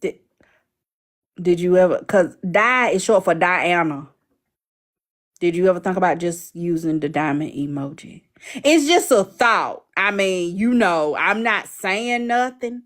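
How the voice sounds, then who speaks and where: Woman live-streamer; slow, teasing, chatty delivery. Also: on the low side, animated. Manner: chatty, teasing, drawn-out asides. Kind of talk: casual live-stream chat.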